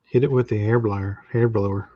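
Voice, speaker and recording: Easygoing husky guest on a lo-fi call. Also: male voice, lowish voice, steady tone, no room sound. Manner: easygoing, quick joking replies. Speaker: guest artist. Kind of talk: casual chat on a video call. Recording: dull lo-fi call audio, dry.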